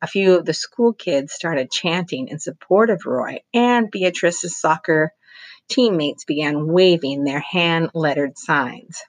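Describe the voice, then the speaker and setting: A teacher reads a novel aloud in a low, expressive voice, pausing now and then for her own brief asides. The sound is close and dry, with no room around it. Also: no echo.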